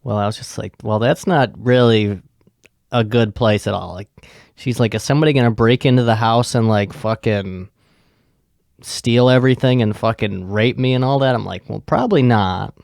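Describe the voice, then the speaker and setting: A man hosting a podcast, telling a rambling, profane story in a casual, deadpan way. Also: fairly low pitch, moderate pace, creaky, dry recording, clean studio sound. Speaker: podcast host.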